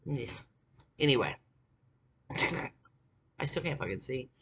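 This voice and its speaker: A vlogger in their forties with a husky, breathy edge and a sharp, tense brightness to the voice. The pitch moves widely, from sunken mutters to shouted peaks. The talk is a rambling, profane monologue full of bitter grievance. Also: animated, takes it slowly. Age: 40s. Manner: profane, bitter ranting with frequent filler words; swings from low muttering to shouted outbursts. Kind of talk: casual monologue to camera.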